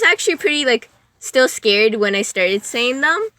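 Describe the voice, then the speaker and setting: A young woman guesting on a podcast rambles through casual chat, giggling and breaking off mid-sentence. Her mid-range voice is expressive and a bit bright, moving at a moderate pace in a recording with no echo.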